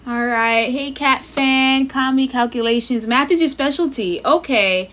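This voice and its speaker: Her voice sits high and a bit bright, moving at a moderate pace. On a livestream of her language practice, she chats in a relaxed way, thinks out loud, greets chat viewers, and reads lesson text aloud while sounding out the words.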